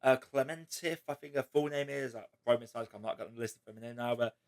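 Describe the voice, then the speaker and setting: A man hosting a casual spoiler chat, retelling movie scenes in an emotional, animated way. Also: mid-range voice, rapid-fire, vocal fry. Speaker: host.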